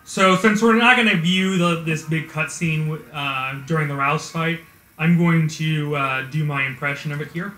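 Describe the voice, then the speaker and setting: A man's voice: fairly high pitch, moderate pace, pushed and bright, roomy sound, faint music behind, poor audio. A man giving offhand, joking commentary over a video game speedrun, teasing the plot as he plays. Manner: jokey, offhand, mocks the plot. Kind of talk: gameplay commentary.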